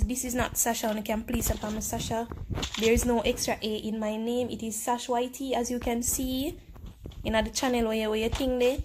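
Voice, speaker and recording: Excitable Jamaican woman streaming a game. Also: on the high side, a little hiss or hum. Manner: excitable, teasing and complaining at an opponent. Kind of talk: live gaming commentary.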